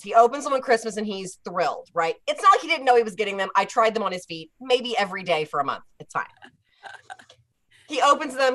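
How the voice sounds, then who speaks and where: A woman guest telling a casual story, acting out the voices of the people she quotes. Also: mid-range voice. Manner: lively storyteller who acts out quoted voices.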